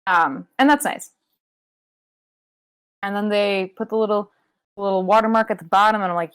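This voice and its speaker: Animated profane woman recapping wrestling. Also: normal speed, long pauses, clean tone, dry recording. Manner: animated, profane, jumps into high-pitched impressions. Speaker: podcast co-host. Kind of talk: casual wrestling recap chat.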